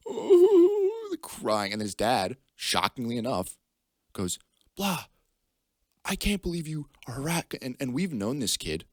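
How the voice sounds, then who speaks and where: A man's voice: low voice, a bit bright, no room sound, clean studio sound. A young man telling a story casually on a podcast, acting out the people he quotes in raised voices. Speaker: podcast guest.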